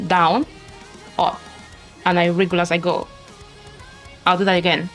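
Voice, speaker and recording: A woman's voice: on the low side, level tone, unhurried, pauses often, faint music behind. A woman talking casually through a makeup tutorial as she works, chatty and often apologizing along the way. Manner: chatty, apologetic, talks while working. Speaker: beauty vlogger. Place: home, filming herself at a mirror.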